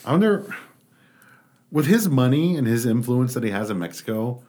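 A man's voice: medium pitch, big pitch swings, normal speed, darkish tone. A man co-hosting a loose, casual group conversation. He reads news stories aloud and then riffs on them with jokes. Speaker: podcast co-host.

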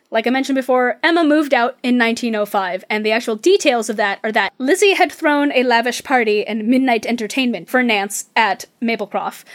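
High-voiced woman telling a true story. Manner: chatty, reads sources aloud. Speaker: podcast co-host. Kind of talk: casual storytelling chat.

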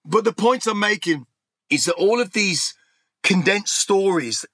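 A man's voice: sits high, expressive, unhurried, a bit bright, no echo. A middle-aged man from England telling his life story in a candid, rambling interview, swearing freely and restarting his sentences. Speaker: interview guest.

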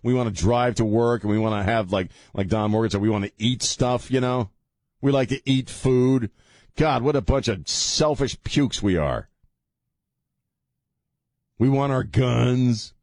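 A man's voice: mid-range voice, unhurried, darkish tone, no echo. A man hosting a talk radio show, ranting with heavy sarcasm into a studio microphone.

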